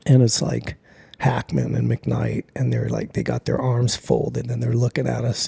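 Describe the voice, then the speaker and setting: A man in his sixties, originally from Hawaii, tells an old story as a guest in a relaxed, meandering way. His voice is gravelly, husky and mellow. He jumps into other people's voices to act out their lines. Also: medium pitch, moderate pace. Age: 60s. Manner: laid-back, rambling, heavy use of filler "like". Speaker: interview guest. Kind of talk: casual storytelling.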